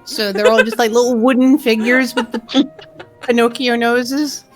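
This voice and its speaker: A woman's voice: a little high, fairly even intonation, a little slow, soft background music. Playful joking woman player. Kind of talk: tabletop game banter.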